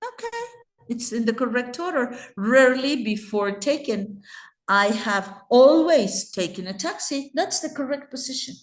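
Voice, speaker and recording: A woman's voice: a little high, expressive, unhurried, roomy sound. A woman with a Mexican Spanish accent teaching English grammar in an online class, patiently explaining and checking in with her students.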